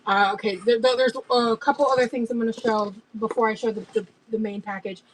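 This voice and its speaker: A young woman livestreaming as she opens gifts, talking in gushing, breathy exclamations full of fillers. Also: on the high side, steady tone, brisk, slight background noise, rough recording. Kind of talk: casual livestream chat.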